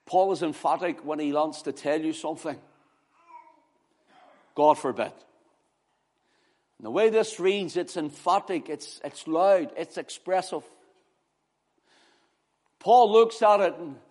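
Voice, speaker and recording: A man preaching an impassioned sermon, swinging from loud exclamations to hushed words. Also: fairly high pitch, a little slow, pauses often.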